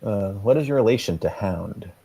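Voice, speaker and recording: A man's voice: fairly low pitch, animated, moderate pace, dark tone, slightly rough, poor audio. A young man playing in a tabletop game, tentative and thinking aloud. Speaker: player. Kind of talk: casual tabletop play.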